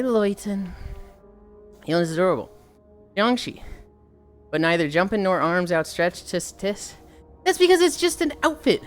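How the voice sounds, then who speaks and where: A woman livestreamer chatting casually with her viewers, rambling, sighing often and swearing offhandedly. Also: medium pitch.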